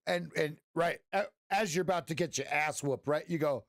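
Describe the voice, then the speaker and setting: On his casual live trading stream, a middle-aged coach rambles and cracks jokes, restarting often and ending lines with "right?". His voice is on the high side at normal speed, and the studio-quality recording is dry.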